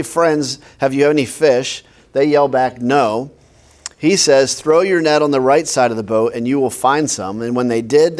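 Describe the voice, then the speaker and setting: A man, a pastor, teaching a Bible class in a conversational way, often quizzing his listeners with questions. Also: medium pitch.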